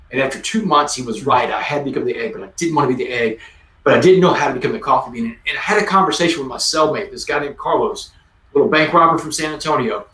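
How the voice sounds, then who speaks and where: A man's voice: fairly high pitch, a bit bright, reverberant. Man in his forties, emphatic storyteller, video-call audio from a distance. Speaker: guest speaker. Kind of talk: conversational storytelling.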